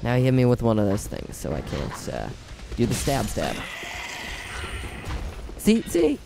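Animated, drawling gamer man. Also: mid-range voice, measured pace, creaky, music in the background. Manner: dramatic, whiny self-pitying asides. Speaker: let's play gamer. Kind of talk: casual gameplay commentary.

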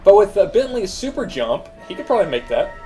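A man's voice: sits high, sing-song, brisk, mellow, soft background music. A man hosting a let's play, chatting and thinking aloud as he plays. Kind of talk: gameplay commentary.

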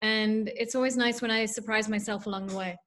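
A woman's voice: a little high, steady tone, brisk, fairly bright tone. A woman from South Africa with a mixed, drifting accent, chatting casually as an author guest over a video call, self-deprecating and full of fillers. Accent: mixed South African, drifting toward American and Irish. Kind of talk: casual interview.

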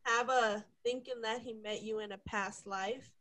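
A woman co-hosting a casual podcast, playful and quick to laugh. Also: a little high, steady tone, a bit bright. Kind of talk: casual chat.

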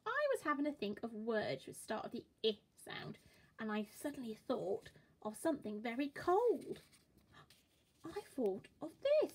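A woman teaching a children's phonics lesson, modelling each sound slowly and cheering the listener on. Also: fairly high pitch, big pitch swings, slightly rough. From England. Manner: slow, encouraging, exaggerated sound-by-sound modelling.

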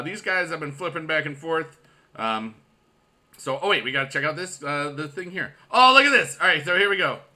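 A man in his forties, a mobile game YouTuber, chatting casually and excitably while he plays, with goofy loud shout-outs to viewers. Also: a little high. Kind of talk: casual gaming commentary.

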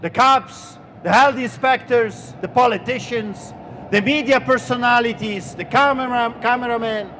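A middle-aged man with a non-native English accent, preaching an outdoor street sermon as a pastor, slow and emphatic, stretching out his words. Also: extremely high pitch, sharp tone, a little hiss or hum.

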